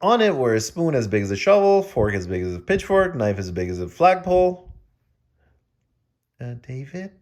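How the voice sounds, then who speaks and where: A man's voice: mid-range voice, sing-song, a little fast, a little mellow. A man reading a children's picture book aloud, breaking off for joking asides to the kids listening. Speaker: children's story reader.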